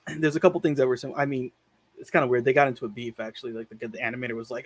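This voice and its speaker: A man's voice: medium pitch, steady tone, racing, dry recording. Chill guy on a movie podcast, middle voice, rambly, lots of "like". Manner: rambling retelling, peppered with "like"; laid-back, swears casually. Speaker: podcast host reviewing films. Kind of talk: casual chat.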